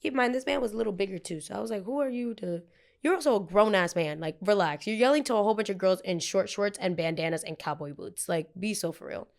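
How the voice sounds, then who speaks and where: A woman's voice: medium pitch, fast talker, creaky, few pauses. A young woman in her twenties hosting a podcast, telling a heated story in a casual, profane way and acting out the people she quotes. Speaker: podcast host.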